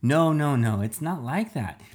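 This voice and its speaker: A man's voice: mid-range voice, animated, unhurried, voice pushed up, close to an everyday voice. A man reading a storybook aloud, voicing a hurt young boy defending his father. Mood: upset. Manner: upset, protesting.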